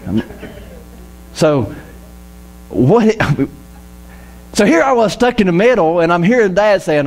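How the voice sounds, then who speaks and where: Male pastor, casual church sermon, animated and joking, voice a touch high. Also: unhurried, pauses often. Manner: lively, jokey, acts out quoted voices. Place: church auditorium.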